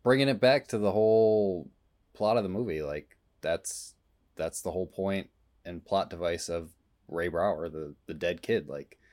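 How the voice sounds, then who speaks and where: A man's voice: deep voice, normal speed, darkish tone. A man in his forties talking about a film in a casual podcast, thoughtful and subdued. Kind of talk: casual movie discussion.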